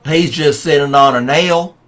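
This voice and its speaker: Man doing a deadpan, laconic old farmer. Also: on the high side, a little slow. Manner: flat, deadpan replies. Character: unbothered old male farmer, dry and laconic.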